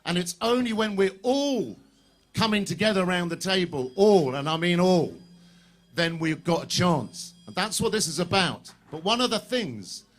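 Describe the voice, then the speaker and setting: A man's voice: high voice, moderate pace. A man giving an impassioned outdoor rally speech as an activist, rallying the crowd with questions. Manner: animated, swears casually, rallies the crowd with questions. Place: outdoor public square rally.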